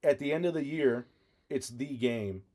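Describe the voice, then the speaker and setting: A man co-hosting a podcast, telling stories in a casual, animated way, often laughing and swearing. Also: medium pitch, unhurried. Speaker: podcast co-host. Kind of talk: casual chat.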